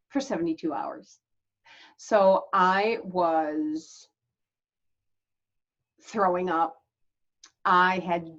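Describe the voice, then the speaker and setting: A woman's voice: medium pitch, lo-fi sound. A woman hosting her own channel, telling her life story to the camera in a candid, chatty way and laughing between lines. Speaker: channel host.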